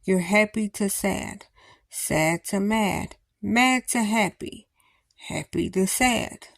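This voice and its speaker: A woman's voice: mid-range voice, slow pace, creaky, no echo. A woman vlogger talking through her feelings in a rambling, thinking-aloud way with many restarts. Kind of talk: personal reflective talk to camera.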